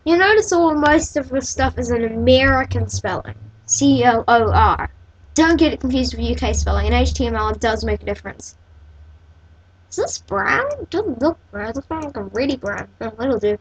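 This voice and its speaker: A woman's voice: a little high, fairly quick, husky, low-quality recording. A woman hosting a casual coding tutorial, thinking aloud and correcting herself as she works. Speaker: tutorial host.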